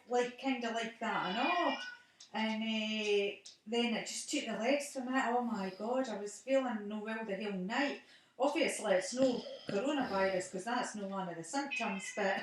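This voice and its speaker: A woman's voice: fairly high pitch, heavy reverb, distant mic. A middle-aged woman with a Scottish accent, chatting casually on the phone at home and laughing often.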